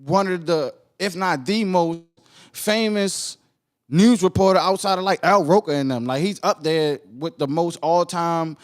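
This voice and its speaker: A man with a Baltimore accent hosting a podcast, reacting to a video in animated casual commentary, repeating himself and asking "right?". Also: fairly high pitch, a little slow. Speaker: podcast host.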